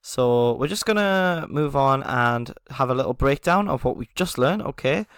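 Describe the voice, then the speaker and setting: A man's voice: medium pitch, lively intonation, moderate pace, a bit bright, clear, resonant tone, dry recording, studio quality. A man teaching a beginner language lesson, explaining patiently, often checking in with "okay?" and chuckling at himself.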